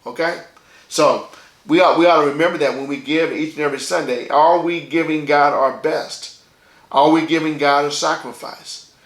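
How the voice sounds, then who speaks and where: A man's voice: a little high, fairly even intonation, normal speed, reverberant. A man delivering a sermon as pastor, in a conversational style, checking in with his listeners by asking "okay?" again and again.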